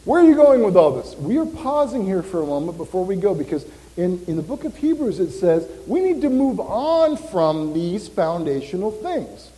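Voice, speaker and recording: A man preaching a sermon as pastor, animated and joking, often quizzing his congregation. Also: sits high, moderate pace. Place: church hall. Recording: long reverb of a church hall.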